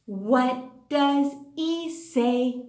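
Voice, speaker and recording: A woman's voice: high voice, very slow, a little mellow, roomy sound. A woman teaching a children's phonics lesson in an exaggerated, cheerful, sing-song way, with gasps of delight.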